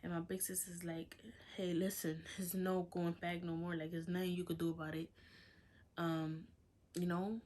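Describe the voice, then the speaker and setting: A woman's voice: fairly low pitch, level tone, normal speed, darkish tone, slight background noise. Chatty young woman telling a story. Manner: chatty, lots of "like", quotes others in dialogue. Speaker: vlogger. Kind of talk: casual storytelling.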